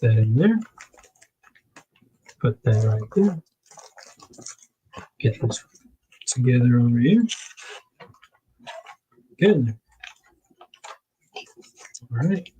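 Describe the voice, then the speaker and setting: A man's voice: medium pitch, sing-song, drawn-out words, pauses often, warm tone, breathy edge, highs cut off. A man hosting a casual livestream, rambling and correcting himself with little laughs as he packs things up. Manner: narrates while packing items. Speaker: livestream host.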